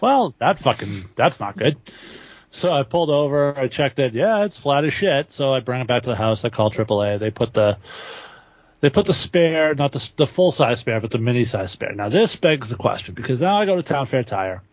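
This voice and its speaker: A man's voice: mid-range voice, very animated, normal speed, no room sound. A man chatting casually with co-hosts on a podcast, swearing freely. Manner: chatty, swears, laughs easily. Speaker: podcast co-host. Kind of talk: casual chat. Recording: dry, dull lo-fi podcast audio.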